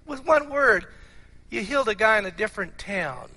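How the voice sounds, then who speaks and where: A preacher putting on a rambling, pleading disciple. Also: male voice, high voice, expressive, moderate pace, sharp tone, in a large hall, exaggerated voice. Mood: reminding. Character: hesitant male disciple answering his teacher.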